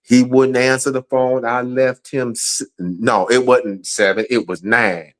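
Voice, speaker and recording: A man's voice: mid-range voice, flat delivery, a little slow. A man angrily ranting on a livestream, profane and repeating himself. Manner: angry, profane, repetitive. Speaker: guest. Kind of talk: heated livestream rant.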